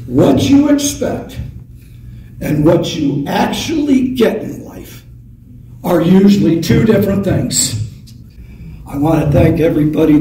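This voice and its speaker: A man's voice: fairly high pitch, mellow. A man in his sixties, a retired teacher, giving a hall of fame induction speech with a funny story and chuckling at his own punchlines. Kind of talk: public speech with a humorous story. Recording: echoey hall picked up from far off with background noise.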